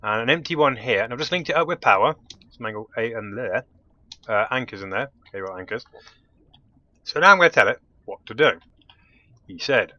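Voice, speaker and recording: A man's voice: mid-range voice, animated, brisk, long pauses, pushed and bright, muffled recording. A man casually commentating his own gameplay, thinking aloud and muttering as he works things out. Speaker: let's play host.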